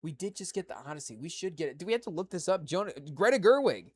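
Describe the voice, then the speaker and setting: A man hosting a podcast, rambling loosely with lots of "you know" and "again" and frequent restarts as he talks to his chat. His voice sits a little above the usual male pitch. It is recorded close and dry. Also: very animated, fast, husky, no room sound. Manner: rambling, many fillers and restarts; talks to a live chat audience. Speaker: podcast host. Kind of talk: casual solo chat.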